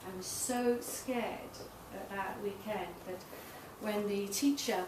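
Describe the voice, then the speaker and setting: A woman's voice: mid-range voice, slow pace. Candid woman giving a talk in a room. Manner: candid, self-deprecating storytelling with laughs. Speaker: tantra massage teacher. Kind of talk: public talk. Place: small event space. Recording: roomy, distant mic, noisy.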